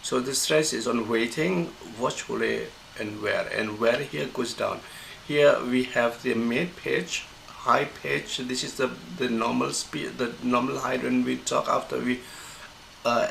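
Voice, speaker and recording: Gravelly man teaching pronunciation. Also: mid-range voice, steady tone, fairly bright tone, slight background noise, low-quality recording. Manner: halting, many fillers and restarts. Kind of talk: screen-recorded lecture.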